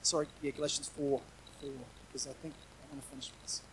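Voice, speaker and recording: A man's voice: a little high, little pitch movement, fast, noisy background. A middle-aged man preaching a sermon in a conversational, earnest way, often restarting his sentences and adding asides.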